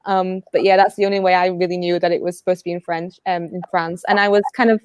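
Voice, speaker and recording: A woman co-hosting a casual livestream book club, agreeable and quick to laugh. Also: fairly low pitch, little pitch movement, a little mellow, clear, resonant tone, no echo. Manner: agreeable, frequent backchannels, laughs easily.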